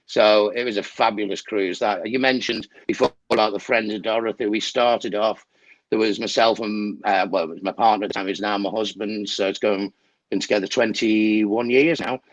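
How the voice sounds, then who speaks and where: A man's voice: fairly low pitch, steady tone, moderate pace, no room sound. Chatty man on a dull video call. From England. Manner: chatty, laughs often. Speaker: guest travel agent. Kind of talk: casual chat on a video call.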